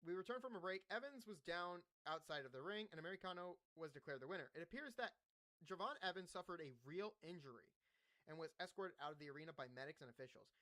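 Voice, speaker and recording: A man's voice: on the high side, lively intonation, quick pace, pushed and bright. A young man hosting a wrestling podcast, recapping the show casually, swearing and joking at himself. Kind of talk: casual wrestling recap, reading notes aloud.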